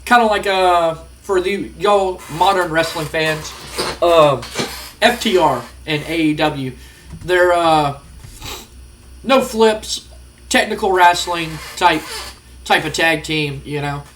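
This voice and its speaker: A man's voice: a little high, slow, a bit bright, slight background noise. A man giving rambling, casual let's-play commentary, full of fillers. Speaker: gaming channel host.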